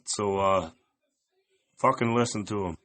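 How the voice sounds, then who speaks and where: A man's voice: on the low side, a little slow, a bit bright. Crude, swearing man on a podcast. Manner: easygoing, crude, swears a lot. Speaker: guest. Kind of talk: casual chat.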